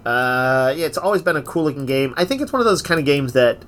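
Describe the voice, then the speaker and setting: A man's voice: medium pitch, animated, fast talker, a bit bright. A man co-hosting a casual podcast, talkative and enthusiastic in a loose, informal way. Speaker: podcast co-host. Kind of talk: casual chat.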